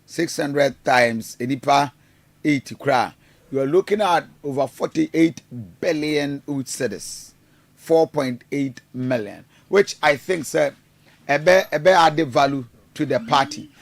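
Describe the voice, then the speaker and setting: A man's voice: a little high, slow, creaky, no echo. A man hosting a radio show, talking through the news with frequent fillers and switching between English and Twi. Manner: mixes Twi into English, many fillers and restarts. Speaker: radio host. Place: radio studio.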